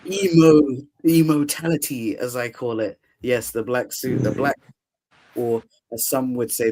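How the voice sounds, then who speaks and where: Animated young man recapping a movie. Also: medium pitch, a little slow, creaky, a little hiss or hum. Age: young adult. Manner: animated, laughs often, acts out quotes. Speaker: podcast host. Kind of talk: casual movie recap chat.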